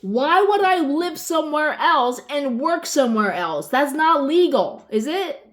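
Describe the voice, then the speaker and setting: A woman in her forties ranting casually, rambling and swearing, losing her train of thought and swinging between loud exasperation and low muttering. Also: animated, unhurried. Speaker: vlogger. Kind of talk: casual rant.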